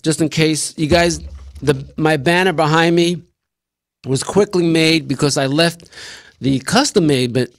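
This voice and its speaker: Man on a live stream, rambling and jokey, higher voice, dry close sound. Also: unhurried, no room sound. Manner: rambling, jokey, talks with mouth full. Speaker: show host. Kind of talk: casual live-stream cooking chat. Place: small room at a desk.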